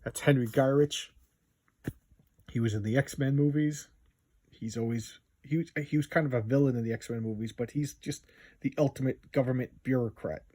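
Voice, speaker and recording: Husky-voiced man chatting through old comics. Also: mid-range voice, fairly even intonation, normal speed, warm tone, no room sound. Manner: enthusiastic, rambling with fillers and asides. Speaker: comic book reviewer. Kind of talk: casual page-by-page commentary.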